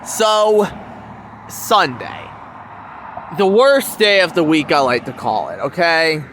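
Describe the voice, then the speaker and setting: Slow-talking young man ranting outdoors. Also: on the high side, animated, a bit bright. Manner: repetitive, keeps asking "okay?" and "you wanna know why?". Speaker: vlogger. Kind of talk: ranting walking vlog. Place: outdoors on town streets. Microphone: handheld camera. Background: faint street and traffic ambience.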